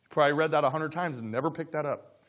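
A man preaching a sermon, telling stories and acting out scripture dialogue, dropping to quiet asides between loud exclaimed lines. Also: fairly high pitch, fast talker. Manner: storytelling, swings from soft asides to loud dramatic quotes; acts out dialogue of scripture characters. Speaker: pastor.

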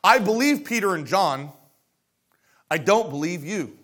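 A man preaching a sermon, telling stories and acting out scripture dialogue, dropping to quiet asides between loud exclaimed lines. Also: high-pitched, big pitch swings, unhurried. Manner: storytelling, swings from soft asides to loud dramatic quotes; acts out dialogue of scripture characters. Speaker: pastor.

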